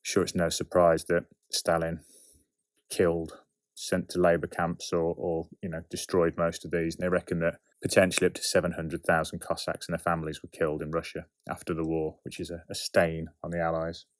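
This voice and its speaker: Low-voiced man with wry asides. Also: completely flat delivery, brisk, no echo, studio quality. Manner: conversational, asks himself questions and answers them, wry asides. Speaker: writer and producer of an audio drama series. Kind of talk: behind-the-scenes production commentary.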